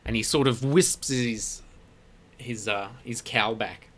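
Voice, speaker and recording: A man's voice: mid-range voice, slow, fairly bright tone. A man narrating a tabletop game as game master, in loose, rambling narration with fillers.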